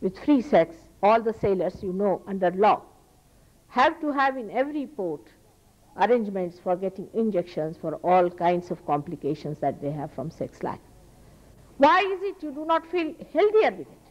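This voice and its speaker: An Indian-accented woman gives a spiritual lecture at normal speed, her medium-pitched voice swinging widely in pitch. She is a spiritual teacher speaking earnestly and emphatically with repeated phrases for stress, captured in a muffled archival talk recording.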